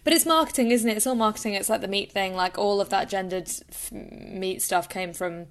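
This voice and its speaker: A woman chatting casually as a podcast co-host, telling lively, joking anecdotes. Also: medium pitch, a little fast. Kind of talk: casual chat.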